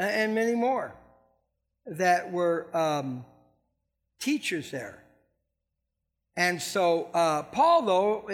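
A man with a notably high voice delivers a sermon. He keeps it loose and conversational, chuckling as he goes and checking in with the congregation. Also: fairly bright tone. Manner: conversational, laughs often, asks the congregation questions. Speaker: preacher.

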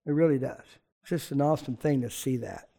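A man preaching a sermon to his church in a lively, conversational way, with chatty asides. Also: mid-range voice, brisk, gravelly. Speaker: pastor.

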